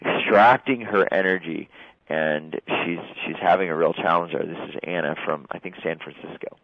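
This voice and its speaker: A man hosting a group video call, talking in a relaxed, reflective way and reading out questions from participants. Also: sits low, moderate pace, creaky, slight background noise. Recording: dry, phone-like call audio.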